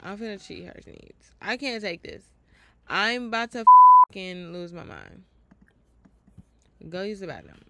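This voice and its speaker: A medium-pitched woman streamer talks at a measured pace with long pauses, against a noisy background. Her let's-play commentary is relaxed, animated, and profane, aimed at her viewers.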